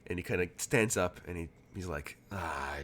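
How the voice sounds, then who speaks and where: A man's voice: low-pitched, brisk, fairly bright tone. A man narrating as game master, rambling with many fillers and restarts.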